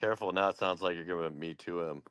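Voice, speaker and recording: Man, low voice, bright edge, casual voice chat, teasing. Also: quick pace, clear, resonant tone, no echo, clean studio sound. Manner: teasing, prodding questions.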